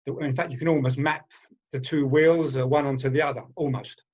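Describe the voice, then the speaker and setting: A man's voice: mid-range voice, steady tone, fairly quick. Hesitant British man on a muffled call. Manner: hesitant, restarts, anecdotal. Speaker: workshop participant, trainer and coach. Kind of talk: casual group discussion.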